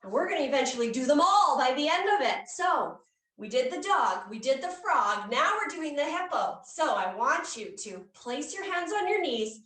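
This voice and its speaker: A woman's voice: high voice, very animated, normal speed, pushed and bright. A woman leading a guided children's yoga class, speaking in a playful, coaxing way and making animal sounds. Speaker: kids yoga instructor. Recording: echoey room, mic far off.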